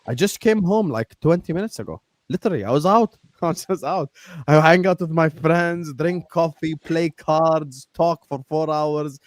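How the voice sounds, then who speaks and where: A young man hosts a casual fan livestream, talking fast and animated with lots of laughter and slang. His voice sits a bit high for a man and sounds close and dry, with no room around it. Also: no echo. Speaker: host.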